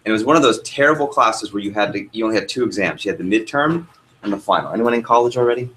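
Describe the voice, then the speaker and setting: A man's voice: fairly low pitch, animated, very fast, a bit bright, slight background noise, low-quality recording. A young man, a sales trainer, teaching a workshop room and telling a story, asking the audience questions as he goes.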